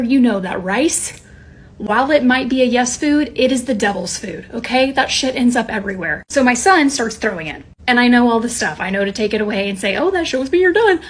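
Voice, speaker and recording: A woman's voice: on the high side, breathy edge. A young woman, a mother of two toddlers, talking candidly to camera in a blunt, profane, self-deprecating way, sometimes dropping to a whisper. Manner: drops to a whisper for emphasis. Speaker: mom content creator. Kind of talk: candid confessional vlog.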